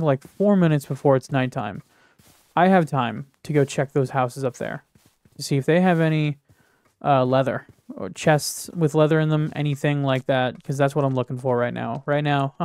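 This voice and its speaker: A man's voice: fairly high pitch, darkish tone, clean tone, no echo. A man giving casual gameplay commentary, jittery and swearing as he talks to himself and the game. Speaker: gaming video creator.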